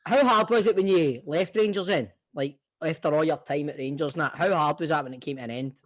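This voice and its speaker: A man's voice: a little high, brisk. A Scottish man hosting a podcast, bantering with a guest and swearing casually. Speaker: podcast host. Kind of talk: casual chat.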